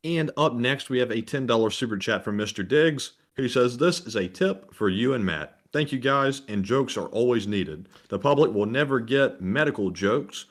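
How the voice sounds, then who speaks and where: A man's voice: medium pitch, animated, normal speed, hardly any pauses. A man co-hosting a livestream who reads viewer donations and messages aloud in a friendly, casual way. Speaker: livestream co-host reading donations.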